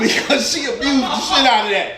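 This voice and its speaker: A man doing stand-up comedy, telling profane stories in an animated way and laughing at his own jokes. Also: very high voice, fairly quick, very noisy. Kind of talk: stand-up storytelling. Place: comedy club stage. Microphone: stage mic. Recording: echoey club from a distant mic. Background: audience laughter.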